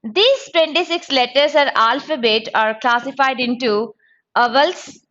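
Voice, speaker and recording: A woman teaching an exam-prep grammar lesson, slow and deliberate, spelling out letters and sounds. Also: sits high, fairly bright tone, lo-fi sound.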